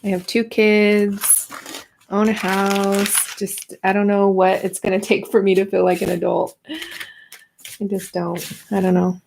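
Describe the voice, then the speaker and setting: A woman's voice: mid-range voice, little pitch movement, takes it slowly, creaky, noisy background. A woman in her thirties hosting a casual art journaling livestream, chatty and playful, greeting viewers as she works. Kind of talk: casual livestream craft demo.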